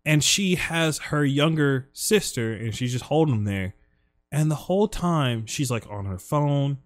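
A man's voice: medium pitch, lively intonation. A young man hosting a casual podcast chat, blunt and profane. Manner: blunt, swearing, quick reactions and laughs. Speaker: podcast host.

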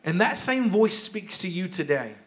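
A man's voice: high voice, very animated, normal speed. Impassioned male pastor preaching. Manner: impassioned preaching, repeats key phrases, swings from urgent to hushed. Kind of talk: sermon. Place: church sanctuary.

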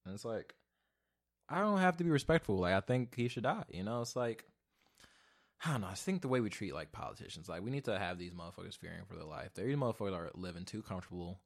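A man's voice: low-pitched, expressive, fast, vocal fry. Rambling profane young man podcasting solo. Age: 20s. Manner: rambling, profane, lots of "like", swings from mumbled to loud ranting. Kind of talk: casual solo podcast rant. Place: home, alone.

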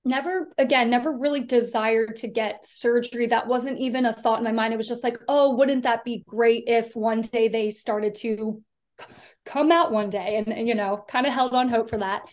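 A woman's voice: a little high, fairly even intonation, moderate pace. A woman from the US East Coast, a podcast guest, telling her personal story in a chatty, rambling way full of fillers. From Delaware, US East Coast.

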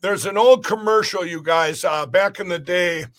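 A man's voice: sits high, moderate pace. A middle-aged man talking as a guest in a podcast interview, rambling and emphatic, often restarting his sentences.

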